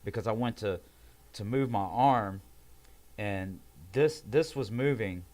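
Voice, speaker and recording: A man with a fairly low voice and a drawl tells a personal story in loose, casual podcast talk. He is animated, swears freely, and jumps into raised voices when he quotes people. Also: takes it slowly. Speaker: podcast guest.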